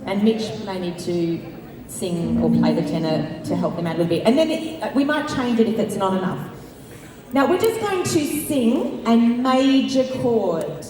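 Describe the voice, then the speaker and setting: A woman vocal coach leads a live workshop for a crowd of singers in a large auditorium, her medium-pitched voice very animated yet unhurried as she encourages them and breaks into sung demonstrations. The upbeat session is captured from far off in the echoey hall, with crowd noise and singing behind her.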